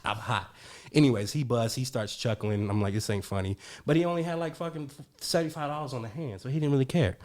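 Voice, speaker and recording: A man's voice: lowish voice, darkish tone. A young man co-hosting a podcast, telling a story in casual, slangy, profane chat and acting out the quoted dialogue. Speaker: podcast co-host.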